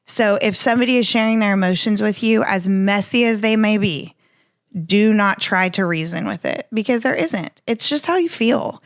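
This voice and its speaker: A woman in her thirties speaks earnestly on faith and family, with a warm, lively delivery that acts out what others told her. Her voice sits at an ordinary middle pitch. It is recorded dry and close, with no room sound. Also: normal speed, dry recording. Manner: earnest, animated, acts out quoted remarks. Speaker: podcast co-host. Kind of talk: casual faith and family chat.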